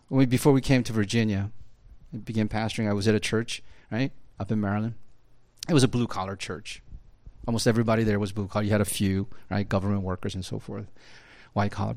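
A man's voice: on the low side, a little mellow. A man preaching a sermon as a pastor, in a conversational style with many fillers and tag questions. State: choked up at times.

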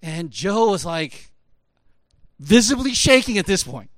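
Animated storytelling man, fillers galore. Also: sits high, unhurried, no echo. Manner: casual, lots of fillers, rising to emphatic peaks. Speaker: speaker. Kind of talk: storytelling talk.

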